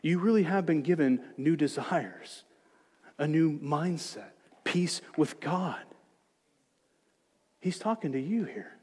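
A man preaching a sermon as pastor, moving between hushed, gentle reassurance and loud, emphatic exhortation. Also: a little high, animated, slow pace, pauses often, slightly rough, big-room sound. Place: church sanctuary.

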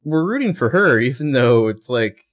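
A man's voice: mid-range voice, sing-song, normal speed. A man co-hosting a podcast, musing about a TV episode and asking lots of questions in casual chat. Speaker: podcast co-host.

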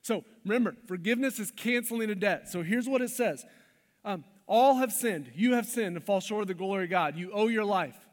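Male pastor, high-pitched, emphatic sermon delivery in a church hall with long reverb. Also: a little fast. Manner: emphatic, shifts between loud stresses and hushed lines.

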